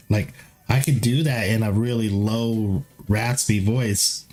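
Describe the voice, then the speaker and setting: A man talking loosely on a live stream, with a lisp, a nasal edge and raspiness in his low notes, rambling through fillers in a self-deprecating way. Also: fairly even intonation, slow pace, darkish tone, soft background music. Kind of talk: casual live-stream chat.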